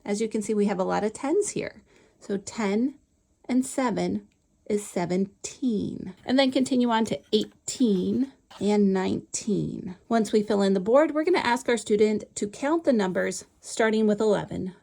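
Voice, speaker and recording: Gravelly woman teaching a lesson. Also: medium pitch, normal speed, warm tone. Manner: patient, step-by-step explaining. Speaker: Montessori teacher. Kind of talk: instructional demonstration.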